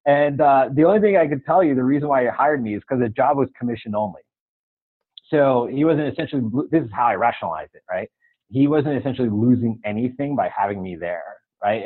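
A man telling a personal story as a guest in a casual interview, animated and laughing now and then, through a tinny phone-like sound. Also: mid-range voice, slightly rough.

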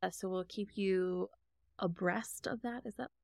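A woman's voice: mid-range voice, fairly even intonation, unhurried, creaky, no room sound, clean studio sound. A woman co-hosting and producing a podcast, talking casually, laughing often and poking fun at herself. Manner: chatty, laughs often, self-deprecating. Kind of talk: casual chat.

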